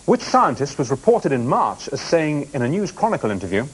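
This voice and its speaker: A man's voice: a little high, big pitch swings, fairly quick, few pauses, a little hiss or hum, rough recording. A man hosting a TV quiz show in a studio, bantering and teasing the contestants between questions. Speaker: game show host.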